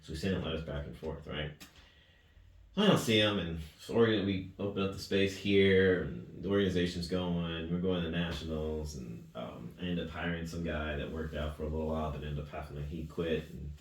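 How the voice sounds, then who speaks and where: A man's voice: a bass voice, fairly even intonation, a little fast. A man, a youth weightlifting coach, telling a long story in casual interview talk. He rambles earnestly and ends phrases with "right?" and "man". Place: gym. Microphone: distant mic. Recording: echoey gym recorded from a distance, faint noise.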